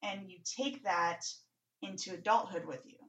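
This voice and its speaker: A woman's voice: on the low side, moderate pace, fairly bright tone, low-quality recording. Blunt, outspoken woman podcast co-host. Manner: blunt, outspoken, swears casually. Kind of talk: casual podcast conversation.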